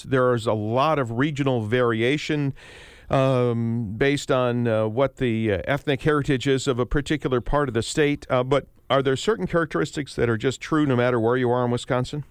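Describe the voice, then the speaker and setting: Relaxed male radio talk show host. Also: medium pitch, clean tone, dry recording. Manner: relaxed, conversational, with frequent "uh" fillers. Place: radio studio.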